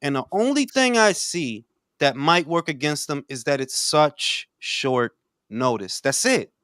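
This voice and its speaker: A man's voice: on the high side, animated, a little slow, fairly bright tone, dry recording, studio quality. A man hosting a casual live boxing talk stream, joking and slangy, saying "bro" a lot. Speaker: host.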